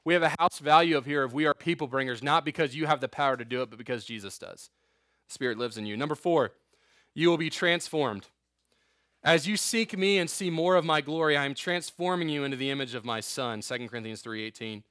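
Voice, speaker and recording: A man's voice: mid-range voice, a little fast, a bit bright, dry recording, studio quality. A man preaching a sermon as a youth pastor, conversational, with joking asides and frequent "okay?" check-ins.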